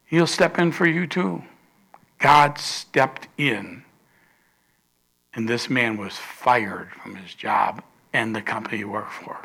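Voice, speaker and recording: A man preaching a sermon as pastor, telling a story and acting out the quoted voices, with sudden loud rises and soft drops. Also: mid-range voice.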